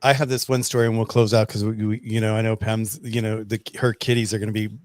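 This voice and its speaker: A man's voice: on the low side, level tone, fast, darkish tone, no room sound, clean studio sound. A man chatting as a guest on a video call, telling stories in a rambling, enthusiastic way. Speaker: guest, pet herbal company representative. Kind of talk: casual video chat.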